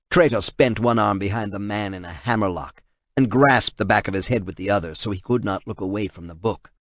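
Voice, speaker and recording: A man reading an action novel aloud in steady, measured audiobook narration. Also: lowish voice, no room sound, studio quality.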